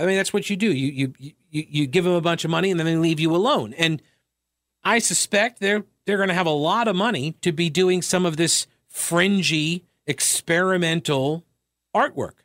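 A radio talk show host delivers a sarcastic solo monologue full of mocking asides, his pitch swinging widely. His voice is a bit bright and moves at a normal speed, recorded dry with studio quality.

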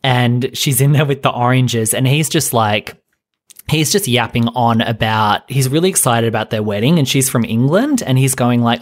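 A man's voice: medium pitch, moderate pace. A man hosting a podcast, chatting casually in a rambling, profane way while retelling scenes. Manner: rambling, profane, animated retelling with quoted voices. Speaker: podcast host. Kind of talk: casual chat.

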